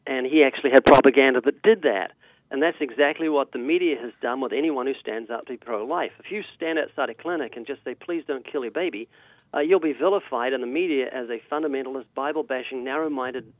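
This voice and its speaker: Male guest evangelist with a New Zealand accent, emphatic sermon delivery, phone-quality audio, dry and mid-pitched. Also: fast, no echo. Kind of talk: preaching on a radio call-in show. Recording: tinny dry phone line.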